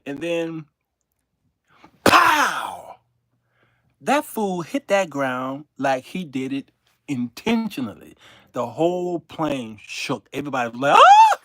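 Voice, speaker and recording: An older man hosting his own show, telling a comic story to his viewers in an animated way and laughing through his own punchlines. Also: a little high, no echo, studio quality. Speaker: show host.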